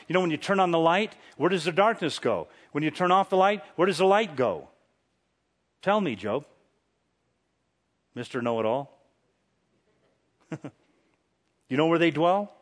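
Animated preacher man, slightly high voice. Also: unhurried, long pauses. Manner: animated, rhetorical questions, dramatic scripture reading, chuckles. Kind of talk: sermon, Bible exposition.

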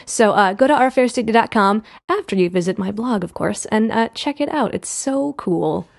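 Woman, podcast guest, bubbly, chatty, mid-pitched. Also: expressive, moderate pace, creaky. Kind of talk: casual chat.

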